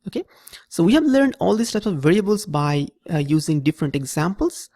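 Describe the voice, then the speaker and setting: A man's voice: on the high side, very animated, brisk, mellow, no room sound, studio quality. A man teaching programming in a screen-recorded tutorial, patiently repeating each step and checking in with "okay?". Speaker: programming instructor.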